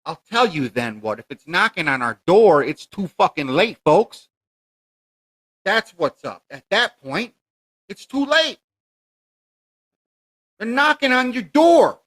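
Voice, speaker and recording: Male podcast host ranting solo, slightly high voice, unhurried and emphatic, preachy tone. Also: sing-song, a bit bright. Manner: preachy and emphatic, keeps addressing listeners as folks; indignant, rhetorical questions. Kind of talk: monologue podcast rant.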